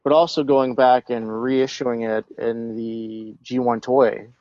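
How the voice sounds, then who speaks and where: A man's voice: mid-range voice, flat delivery, darkish tone, no room sound. Fond-sounding man, dry muffled mic. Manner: fond, enthusiastic, halting. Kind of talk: casual chat.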